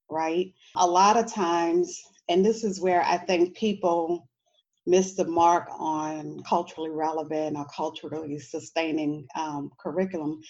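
A woman's voice: on the low side, darkish tone, dull audio. A middle-aged woman from New Orleans, an educator speaking on a panel in a conversational way, often tossing in "you know" and "right?". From New Orleans, USA. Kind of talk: panel discussion.

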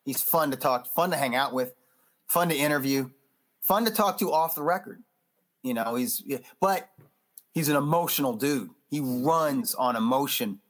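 A man who is a boxing magazine editor, chatting loosely as a podcast guest, animated and full of restarts. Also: mid-range voice, moderate pace. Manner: animated, loose, acts out quotes; frequent restarts and fillers. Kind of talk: casual interview chat.

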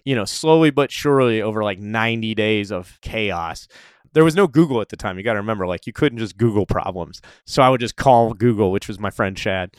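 A man telling stories in a casual conversation, animated and often laughing. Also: medium pitch, smooth, dry recording, studio quality. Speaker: interview guest.

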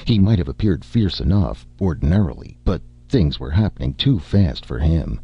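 A man reading a story aloud as a narrator, in measured scripted narration. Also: low voice, very animated, husky, muffled recording. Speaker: audiobook narrator.

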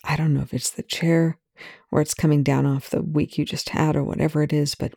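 A reader voicing a gruff male military colonel in a fan fiction reading, quiet and hesitant, with a lowered voice. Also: little pitch movement, fairly quick, dry recording, studio quality.

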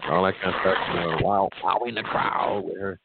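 A man's voice: low-pitched, level tone, a little fast, gravelly, very noisy. A middle-aged man, hosting a call-in radio show with boastful, joking trash talk and frequent laughter. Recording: tinny phone-like audio.

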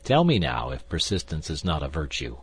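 A man voicing a coolly indifferent, wry musketeer in an audiobook, with a husky voice and a calm, drawling manner. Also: extremely low pitch, normal speed, heavily acted. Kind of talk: audiobook character reading.

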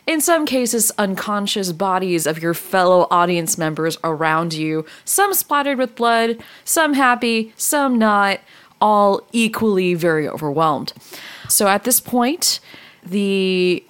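A woman narrating a tabletop role-playing game as dungeon master, in a relaxed, chatty way. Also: medium pitch, slow pace, clean tone.

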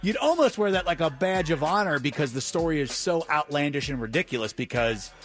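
A man's voice: fairly high pitch, brisk, soft background music. A man co-hosting a radio talk show, teasing his co-host and reacting with disbelief. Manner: animated, teasing and incredulous. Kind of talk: casual radio banter. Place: radio studio.

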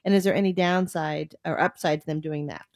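A woman's voice: sits low, steady tone, fairly quick, no room sound. Dry-voiced female radio co-host. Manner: reads listener texts aloud plainly. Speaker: radio show co-host reading listener questions.

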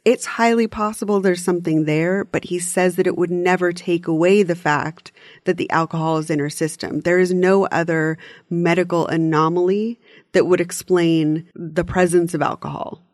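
Woman podcast cohost, kinda low voice, dry close sound, walks thru the case in detail. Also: fairly even intonation, normal speed, darkish tone, no room sound. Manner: chatty, recaps events in detail. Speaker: podcast co-host. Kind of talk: casual true-crime discussion.

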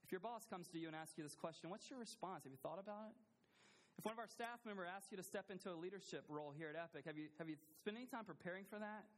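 A man preaching a sermon as a pastor in a church, earnestly asking the congregation questions and repeating phrases for emphasis. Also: high-pitched.

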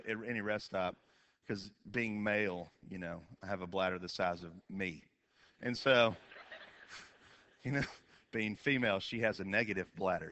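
A man telling a comic story on stage, animated, with quick asides and sudden shouted bursts. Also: lowish voice. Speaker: comedian. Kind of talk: storytelling stand-up.

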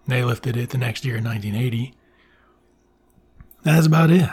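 A film reviewer casually recaps a comedy film's plot in a loose, chatty manner, swearing now and then. His voice is medium-pitched and a little mellow, at a moderate pace.

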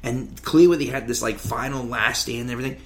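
A man chatting casually about movies, mid-pitched and animated. He retells scenes eagerly and slips into quick acted-out lines from the characters. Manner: animated storyteller, acts out scenes with yelling voices.

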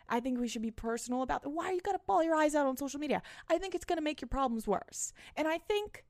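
A young woman hosting her own podcast, talking casually and bluntly with a lot of swearing, and getting louder and more animated as she rants. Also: high voice, no echo, clean studio sound. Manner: blunt, frequent swearing, rising and animated when ranting. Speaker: podcast host. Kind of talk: casual solo podcast rant. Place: small apartment.

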